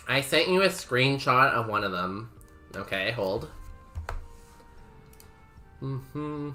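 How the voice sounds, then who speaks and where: A man's voice: mid-range voice, sharp tone. A young man streaming a game, chatting casually with his viewers, laughing often and saying "like" a lot. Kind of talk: casual chat while playing a game.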